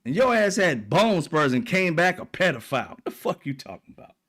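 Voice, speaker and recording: A man's voice: fairly high pitch, sing-song, fairly quick, fairly bright tone. A man delivering a heated, profane political rant, mocking and blunt. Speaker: political commentator. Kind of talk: ranting monologue.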